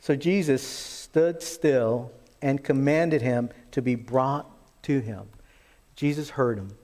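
A man preaching a sermon, animated in his storytelling and acting out the quoted voices. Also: mid-range voice, takes it slowly. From lived in Texas. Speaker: pastor.

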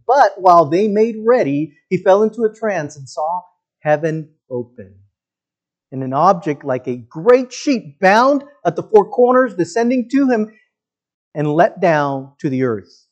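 A man's voice: on the high side, very animated, a little slow, a little mellow. Conversational male pastor preaching. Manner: conversational, asks the congregation questions. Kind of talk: sermon.

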